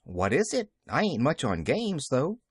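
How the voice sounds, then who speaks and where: A man voicing a flustered, excitable young woman servant who exclaims in rustic country speech. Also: medium pitch, a little slow, slightly rough, dry recording, studio quality, full character voice. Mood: fond.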